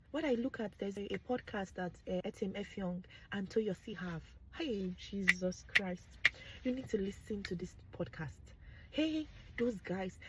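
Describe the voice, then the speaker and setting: A young adult woman with a Nigerian accent, talking candidly to her viewers in an animated way, with exclamations and bits of pidgin. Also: mid-range voice, slight background noise, low-quality recording. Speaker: vlogger. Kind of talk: candid talk to camera.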